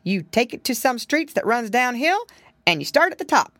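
A kindly old goat gentleman from a storybook, as a woman reader puts him on, patient and instructive. He talks a touch higher and louder than plain narration, with a lively, bouncing pitch. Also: moderate pace, no room sound.

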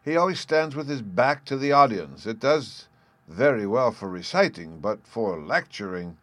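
A man's voice: mid-range voice, animated, normal speed, fairly bright tone, no room sound, voice pushed up, close to an everyday voice. A man voicing a meek, cautious professor who answers hesitantly. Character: meek, cautious male professor, timid and kindly.

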